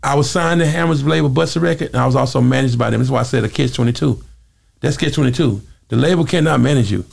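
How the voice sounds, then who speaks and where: A man with a deeply gravelly voice tells stories from his career at a quick clip. His delivery is animated and conversational. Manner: animated storyteller, acts out quoted voices. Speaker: interview guest, former singer. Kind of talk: casual storytelling interview.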